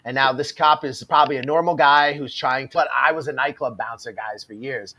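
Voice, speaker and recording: A man's voice: medium pitch, brisk, pushed and bright, dull audio, slight background noise. Blunt man chatting about clips. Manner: blunt, laughs at what he watches. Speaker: host reacting to clips. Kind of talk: casual reaction chat.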